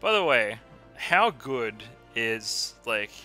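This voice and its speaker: A man's voice: medium pitch, very animated, slow pace, sharp tone, soft background music. A man co-hosting a gaming channel, rambling and giggling, full of likes and ums. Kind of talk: casual gaming chat.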